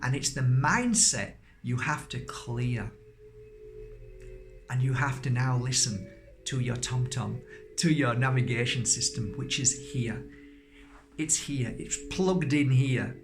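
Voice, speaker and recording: A man's voice: medium pitch, slow pace, over music. A middle-aged man giving a spiritual workshop talk, emphatic, at times acting out anxious little voices. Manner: emphatic, acts out little voices of worry and exclaims.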